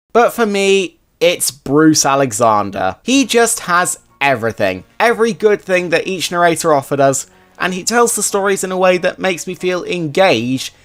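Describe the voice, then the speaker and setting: A man's voice: high voice, a bit bright. A man hosting a scripted commentary video, chatty and enthusiastic. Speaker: video host.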